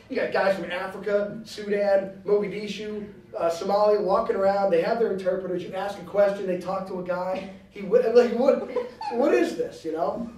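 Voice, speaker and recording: Man, high voice, blunt slangy campus talk, roomy lecture hall, heard from a distance. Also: darkish tone, slight background noise. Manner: blunt, joking, slangy and combative. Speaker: guest speaker. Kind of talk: animated campus speech.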